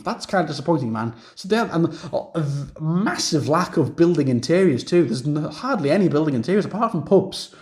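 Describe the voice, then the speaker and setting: A man's voice: high-pitched, a little mellow. A young man rambling through a casual video game review rant, repeating himself and using lots of fillers.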